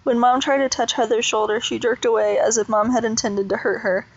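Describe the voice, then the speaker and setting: A woman's voice: on the high side, a little fast, gravelly, highs cut off. Woman reading a children's novel aloud. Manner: steady, plain reading with small slips. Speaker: reader.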